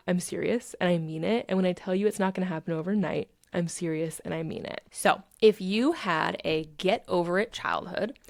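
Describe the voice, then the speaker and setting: A woman's voice: lowish voice, vocal fry, no room sound, clean studio sound. A woman hosting a podcast, talking in a blunt, emphatic, casual motivational monologue and swearing freely. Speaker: podcast host.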